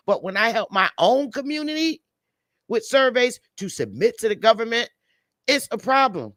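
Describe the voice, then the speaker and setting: A woman's voice: mid-range voice, big pitch swings, normal speed, fairly bright tone, no echo. A woman speaking as a panelist on a live stream, delivering a heated, blunt and profane rant over a video call. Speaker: livestream panelist.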